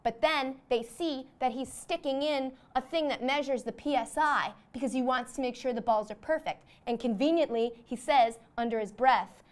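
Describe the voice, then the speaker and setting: A young woman with a slightly high voice spins a comedic monologue as host. She rambles casually, dropping "like" into nearly every phrase. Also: normal speed, hardly any pauses. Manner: rambling, peppered with "like".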